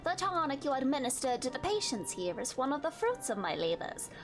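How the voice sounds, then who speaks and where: A woman's voice: high voice, sing-song. A woman reading a grave, scholarly researcher. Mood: regretful. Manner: measured, formal, archaic phrasing. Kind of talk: reading game dialogue aloud. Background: game music.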